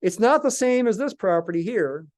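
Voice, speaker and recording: A man's voice: high-pitched, animated, moderate pace. Man lecturing a calculus class. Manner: thinks aloud with restarts, asks and answers his own questions. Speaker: math lecturer.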